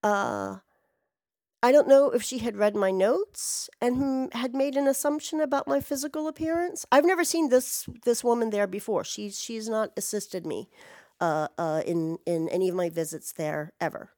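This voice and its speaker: A woman telling a rambling, excitable story at home in a casual way, swearing freely as she goes. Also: fairly high pitch, normal speed, no echo, studio quality. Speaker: vlogger.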